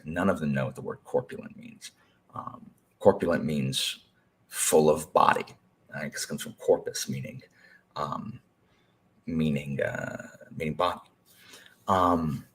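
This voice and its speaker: A young man talking casually to a live stream chat, rambling and animated, with many fillers and restarts. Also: extremely low pitch. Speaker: teacher.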